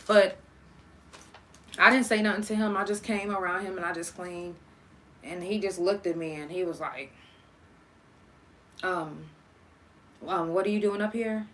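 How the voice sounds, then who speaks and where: A young woman talks through a personal story in a bright, forward voice. She is casual and profane, and she acts out each person she quotes, her own side loud and lively. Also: fairly low pitch, a little slow, pauses often, slight background noise. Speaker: podcast host telling a story.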